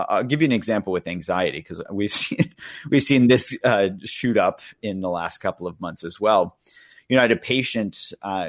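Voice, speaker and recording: A man's voice: fairly low pitch, dry recording, clean studio sound. A middle-aged man, a psychiatrist and author, explaining things as a radio interview guest in a conversational way, with many fillers. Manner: conversational, many "you know" fillers, occasional chuckles.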